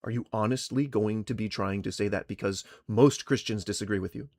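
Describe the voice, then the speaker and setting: A man streaming live, arguing heatedly with chat, swearing and lecturing, his voice going hoarse from shouting. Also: on the low side, fairly quick, no echo, clean studio sound. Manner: angry, profane, lecturing. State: losing his voice. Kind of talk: heated livestream argument.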